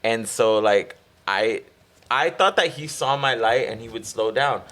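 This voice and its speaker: Podcast co-host, male, expressive storyteller, lively pitch, casual and profane. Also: unhurried. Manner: animated storyteller, acts out voices with big pitch jumps; swears casually, laughs often. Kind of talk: casual chat.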